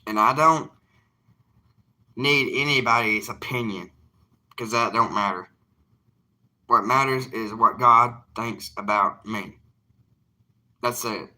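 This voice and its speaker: A man's voice: medium pitch, slow pace, long pauses, bright, forceful tone. A young man, an evangelist talking casually to his livestream viewers in an earnest, plainspoken, defiant way.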